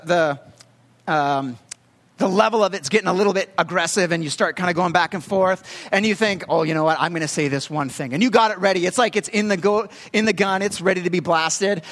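A young man with a fairly high voice delivers a storytelling sermon, chatty and halting, full of "uh" and restarts. His voice trails off into a long hall reverb. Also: a bit bright. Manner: conversational, halting with fillers. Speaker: pastor.

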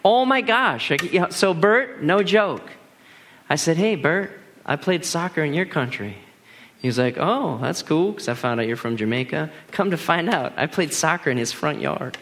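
A man in his thirties tells stories from the pulpit as a pastor, with a voice that sits a little high. He talks in an animated, casual way, restarting his sentences often as he goes. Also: moderate pace, slight background noise. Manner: animated, laughing storyteller with many restarts. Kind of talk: storytelling sermon.

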